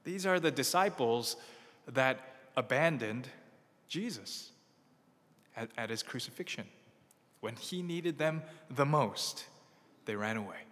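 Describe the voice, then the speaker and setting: A man's voice: mid-range voice, lively intonation, slow pace, long pauses, fairly bright tone, big-room sound. A man preaching a sermon as a pastor, earnest and emphatic, asking rhetorical questions and answering them.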